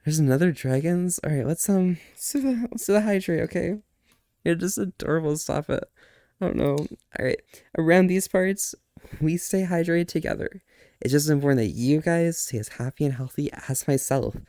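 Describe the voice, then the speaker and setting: A man's voice: fairly high pitch, moderate pace, mellow, no echo, clean studio sound. A man hosting a live stream in a casual, playful and flirty way, laughing often and stammering through restarts. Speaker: livestream host.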